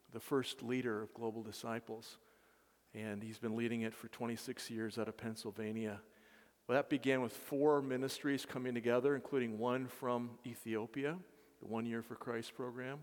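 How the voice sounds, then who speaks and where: A man who leads mission work, telling his story to a congregation earnestly, with halting restarts. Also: mid-range voice. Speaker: mission leader. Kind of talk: testimony to a congregation. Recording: reverberant hall.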